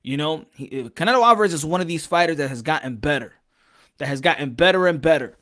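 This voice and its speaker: Male boxing podcast host, high bright voice, loose and hyped casual chat. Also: lively intonation, fast talker. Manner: hyped, loud, repeats phrases.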